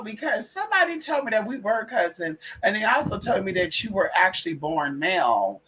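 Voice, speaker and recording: A woman's voice: mid-range voice, very animated, brisk, few pauses, fairly bright tone, a little hiss or hum. A woman hosting a late-night livestream in casual, profane chat, calling her listeners girl and y'all. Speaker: livestream host.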